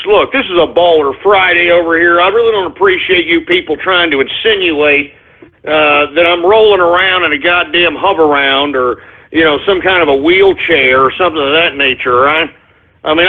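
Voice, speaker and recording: Brash husky man ranting on radio. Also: on the high side, normal speed. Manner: loud, boastful, shouting and cackling. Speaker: radio show host. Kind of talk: brash call-in radio rant. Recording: tinny phone-line radio audio with faint music.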